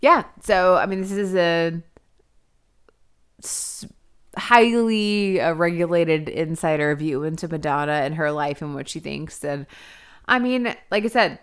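A woman's voice: on the low side, a little slow, clean tone. A woman co-hosting a podcast, talking frankly and casually about a movie, swearing freely and saying "like" a lot. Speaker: podcast co-host. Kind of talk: casual movie review chat.

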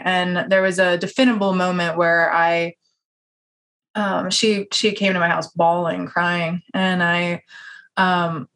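A woman telling a story in a casual podcast interview, animated and laughing often, acting out the people in it and swearing casually. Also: on the low side.

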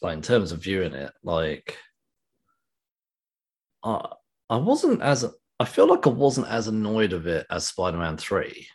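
A man's voice: low-pitched, very animated, a little slow, long pauses, slightly rough. A tired man co-hosting a podcast, rambling casually and interrupting himself. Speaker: podcast co-host. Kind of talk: casual chat.

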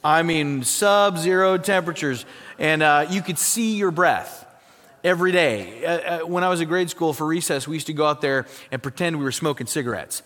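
High-voiced pastor preaching in a hall. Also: male voice, moderate pace. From South Dakota. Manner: emphatic, swings from loud to hushed. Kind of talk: sermon.

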